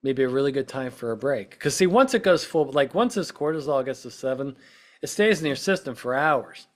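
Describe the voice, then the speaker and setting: Male podcast host, mid-pitched, casual explainer who checks in with the listener after each point. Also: lively intonation, fairly quick. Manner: conversational, peppers points with "right?" and "okay?"; acts out quoted speech in short bursts. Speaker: podcast host, witness-prep consultant.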